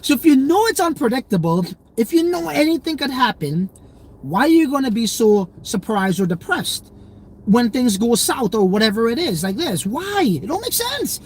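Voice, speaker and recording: A man's voice: very high-pitched, sing-song, moderate pace, slight background noise. A young man hosting a crypto livestream, chatting loosely in slang and reading viewer comments. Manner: slangy, loose and rambling, many fillers.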